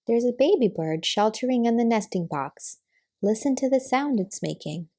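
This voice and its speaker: A young woman reading a picture book aloud to small children, gently naming the pictures and asking questions. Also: fairly high pitch, animated, normal speed. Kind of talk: storybook reading to toddlers.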